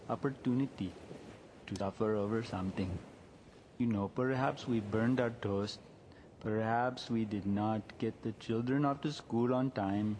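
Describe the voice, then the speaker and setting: Guy doing a calm reflective podcast monologue, takes his time, bit of faint hiss. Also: on the low side. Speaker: podcast host.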